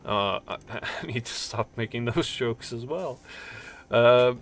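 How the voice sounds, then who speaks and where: A man's voice: medium pitch, lively intonation, unhurried, a bit bright. A man casually commentating a role-playing game, reading the text aloud and cracking jokes. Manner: joking asides, reads game text aloud. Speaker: let's play host.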